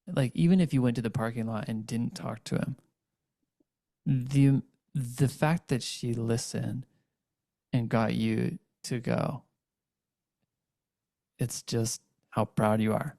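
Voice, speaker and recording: Slow gravelly male host. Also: medium pitch, mellow, no room sound, studio quality. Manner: affirming, reflective listener. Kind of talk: casual chat.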